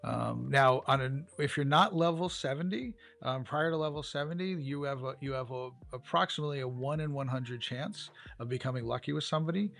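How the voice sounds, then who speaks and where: A man co-hosting a casual game news chat, talking in a halting way with many fillers and restarts. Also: medium pitch, vocal fry, fairly bright tone. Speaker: co-host.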